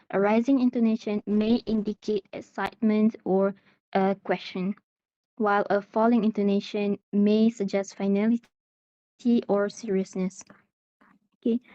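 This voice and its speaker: Teacher from Malaysia, mellow dry voice. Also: female voice, medium pitch, no room sound, lo-fi sound. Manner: patient, steady, uses many "okay" and "uh" fillers. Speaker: English teacher. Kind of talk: online class explanation.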